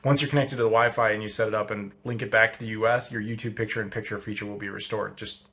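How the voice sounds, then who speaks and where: American guy vlogging on the street, bright chatty voice, rambles and jokes. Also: fairly low pitch, steady tone, fast talker, breathy edge. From United States. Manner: chatty, joking, rambling with many fillers. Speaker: travel vlogger. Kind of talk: casual walking vlog. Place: outdoors on town streets.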